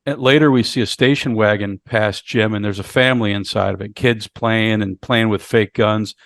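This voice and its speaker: In a clean studio recording with no echo, a podcast co-host casually chats through a horror movie review. His lowish, gravelly voice is steady and fairly bright, and he halts often, repeating words while recapping the plot.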